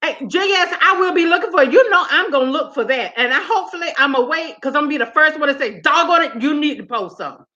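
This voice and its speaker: Talking to her live chat through a phone camera, a woman vlogger is sassy and animated, laughing often and calling viewers "honey" and "girl." Her high-pitched voice runs quickly with few pauses. The recording is muffled.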